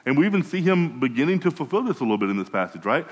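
A man's voice: mid-range voice, sing-song, rapid-fire, slightly rough. Man preaching in a reverberant hall. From United States. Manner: conversational, frequent restarts and repeated words. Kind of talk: sermon.

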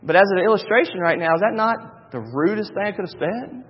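A man's voice: high voice, animated, a little fast, slightly rough. A man, preaching a sermon as pastor with emphatic repetition and homely asides. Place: church sanctuary. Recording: dull reverberant hall.

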